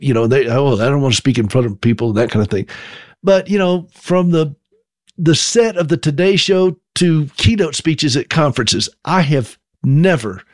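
A man's voice: on the high side, dry recording, clean studio sound. A man in his fifties from South Carolina with a Southern accent, telling humorous, self-deprecating stories in a folksy monologue. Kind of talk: storytelling monologue.

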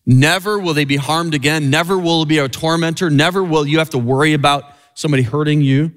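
Earnest man preaching a sermon. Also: a bit bright. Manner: earnest, swinging high and low for emphasis, slowing on key phrases.

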